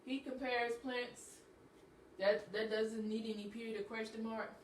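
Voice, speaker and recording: A woman's voice: fairly high pitch, level tone, unhurried, a little hiss or hum. A woman teacher taking a class through a grammar lesson, patient and repeating each point step by step. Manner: patient, explains step by step with repetition. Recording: echoey room, voice from a distance.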